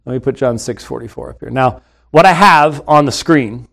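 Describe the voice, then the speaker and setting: This man's voice is mid-pitched, gravelly and a little bright, at a normal speed. He hosts an unscripted live Bible-teaching webcast from a studio fitted with screens and a computer, arguing his points emphatically and often starting over mid-thought.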